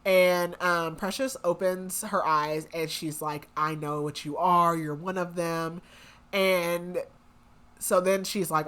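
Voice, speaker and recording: A young woman with a somewhat low, slightly bright voice recaps a story for a book podcast, speaking slowly with fairly even intonation. She's chatty and rambling, full of "like" and "um," and acts out the characters' lines along the way.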